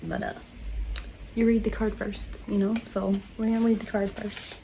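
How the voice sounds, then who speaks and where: A woman's voice: mid-range voice, normal speed, gravelly, warm tone, a little hiss or hum. Giggly, emotional woman. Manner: emotional and giggly, gushing thanks. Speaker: crafting channel host. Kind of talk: casual chat while opening mail.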